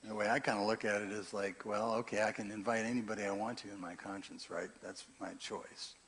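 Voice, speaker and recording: Older pastor preaching conversationally. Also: male voice, fairly low pitch, level tone, fairly quick, slight background noise. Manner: conversational preaching, swings from quiet asides to loud emphatic scripture reading. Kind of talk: sermon.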